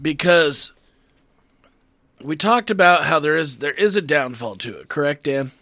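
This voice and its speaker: A man with a bright, lively voice, a little higher than most, hosting a loose podcast chat. He steers topics with dry teasing. The sound is close and dry. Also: unhurried, no echo. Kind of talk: casual banter.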